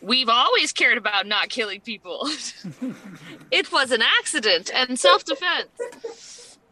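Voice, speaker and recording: A woman's voice: on the high side, big pitch swings, pushed and bright. A woman playing in a tabletop game, speaking hesitantly with many fillers. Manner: slow, hesitant, lots of ums. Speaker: player. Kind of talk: casual tabletop play.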